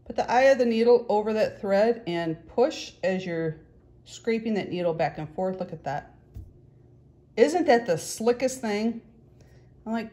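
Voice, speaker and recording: A woman's voice: on the high side, lively intonation, unhurried, pauses often, a little mellow. A middle-aged woman chatting casually and joking about herself as she demonstrates stitching techniques at home. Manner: chatty, joking, self-deprecating. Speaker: cross-stitch vlogger. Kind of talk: casual tutorial chat.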